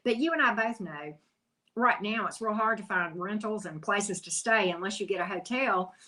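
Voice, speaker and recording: A woman's voice: medium pitch, moderate pace, sharp tone, rough recording. A woman hosting a live tarot stream, chatty and teasing, greeting viewers by name as she reads the cards. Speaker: tarot reader hosting a livestream. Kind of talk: casual livestream chat.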